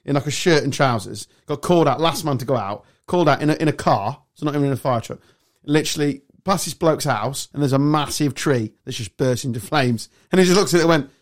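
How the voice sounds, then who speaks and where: A man's voice: medium pitch, fast. A man hosting a podcast, ranting and joking casually with friends. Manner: animated ranting, swearing and laughing. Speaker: podcast host.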